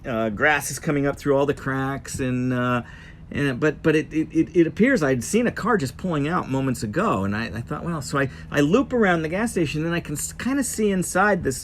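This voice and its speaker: A man casually telling a travel story as host, in an animated, rambling present-tense way. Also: on the high side, a little hiss or hum.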